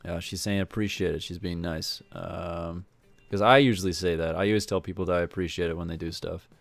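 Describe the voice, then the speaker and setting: Low-voiced man, let's play narration, rambling and wry, faint game music. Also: fairly even intonation, fairly quick, creaky. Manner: rambling, self-correcting, wry. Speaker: video game let's player. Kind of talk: reading a visual novel aloud with commentary.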